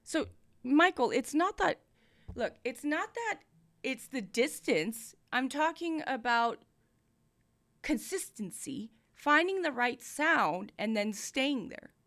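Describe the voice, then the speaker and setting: A woman's voice: high-pitched, very animated, slow pace, fairly bright tone. A woman hosting a music review livestream, giving casual, explanatory feedback on vocals and mic technique into a studio mic. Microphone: studio mic, moved near and far.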